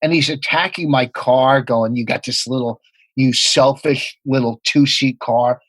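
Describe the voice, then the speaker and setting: Husky man telling profane comedy stories. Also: mid-range voice, fairly even intonation, a bit bright, no echo, rough recording. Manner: rapid profane anecdotes with laughter. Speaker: comedian guest. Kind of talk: casual podcast storytelling.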